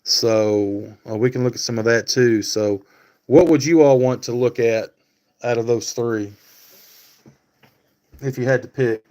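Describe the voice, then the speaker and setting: A man's voice: mid-range voice, steady tone, measured pace, long pauses, mellow. A man hosting a casual live stream, talking to viewers by name and thinking aloud with many fillers. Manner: talks back to chat viewers by name.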